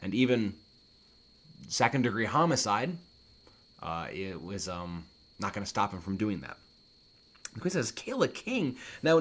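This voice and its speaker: Low-voiced man explaining old verse. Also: a bit bright, husky. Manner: reads a line, then paraphrases it in plain words, with fillers. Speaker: literature teacher. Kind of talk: explanatory lesson.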